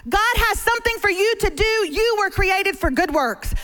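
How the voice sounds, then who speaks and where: Lively high-voiced woman preaching. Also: moderate pace. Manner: animated, humorous storytelling preacher. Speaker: guest speaker. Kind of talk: sermon. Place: church stage before a congregation.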